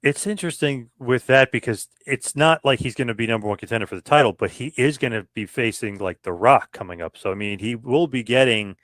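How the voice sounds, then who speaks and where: A man's voice: mid-range voice, fairly quick, few pauses, a bit bright, dry recording, studio quality. Casual man host asking questions. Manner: asks questions, uses "like" and "I mean" as fillers. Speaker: podcast host. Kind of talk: casual podcast chat.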